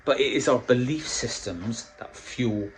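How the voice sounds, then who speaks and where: A man's voice: mid-range voice, measured pace, low-quality recording. A middle-aged man coaching on dieting in a casual vlog, blunt and swearing constantly as he tells stories. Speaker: diet coach.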